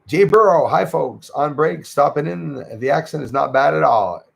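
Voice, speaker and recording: Gravelly Quebec man chatting on livestream. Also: fairly high pitch, moderate pace. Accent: Québécois French. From Quebec, Canada. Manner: chatty, thanks viewers by name, lots of fillers. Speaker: livestream host. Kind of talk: casual livestream chat reading comments.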